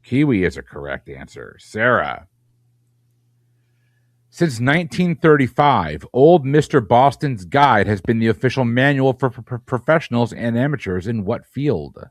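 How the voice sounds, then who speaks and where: A man hosting a trivia game, reading questions briskly and teasing the players. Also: mid-range voice, very animated, no echo, studio quality. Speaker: quizmaster.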